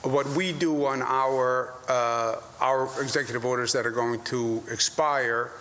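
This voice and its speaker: A man's voice: mid-range voice, steady tone, unhurried, pushed and bright, slight background noise. A man, a state governor, answering reporters at a press briefing, emphatic and repeating his points with rising indignation. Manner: emphatic, repeats phrases, rises when indignant.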